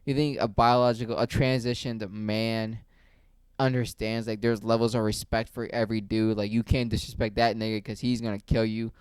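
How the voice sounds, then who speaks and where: A man's voice: lowish voice, little pitch movement, normal speed, a little mellow, clear, resonant tone, no room sound. A man delivering a heated, blunt opinion rant to camera, full of profanity. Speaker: video creator.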